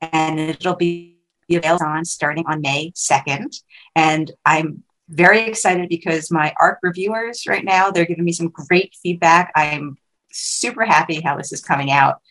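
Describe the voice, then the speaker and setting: A woman co-hosting a podcast, upbeat and quick to laugh, chatting casually. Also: low voice, fairly even intonation, a bit bright, rough recording. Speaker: podcast co-host and author. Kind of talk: casual chat.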